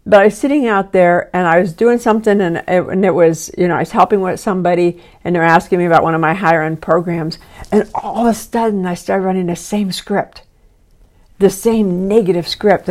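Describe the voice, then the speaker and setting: A woman's voice: on the low side, fairly even intonation, a little fast, darkish tone. A woman in her sixties, a podcast host and life coach, talking listeners through self-help steps in an earnest, instructive way. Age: 60s.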